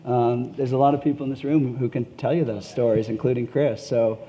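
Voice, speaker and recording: A man's voice: medium pitch, a little fast, lo-fi sound. A middle-aged man speaking on a conference panel in a hotel ballroom, telling stories with chuckles. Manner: animated storytelling with chuckles.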